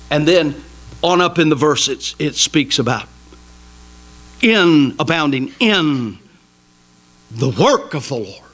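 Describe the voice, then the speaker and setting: A man preaching a sermon in a small church, emphatic and folksy, swinging between loud exhortation and quiet asides. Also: medium pitch, low-quality recording. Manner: folksy, jokes with the congregation. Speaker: pastor.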